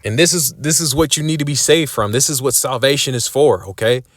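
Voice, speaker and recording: A man's voice: mid-range voice, fairly quick, fairly bright tone, no room sound, studio quality. Emphatic preacher, a man. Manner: emphatic, with frequent tag questions. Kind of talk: sermon.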